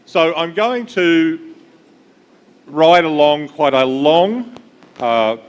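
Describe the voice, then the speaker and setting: A man's voice: on the high side, animated, extremely slow, smooth. A man giving a conference keynote, friendly and engaging the audience, with frequent fillers. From Australia. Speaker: invited speaker. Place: large conference hall. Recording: long hall reverb.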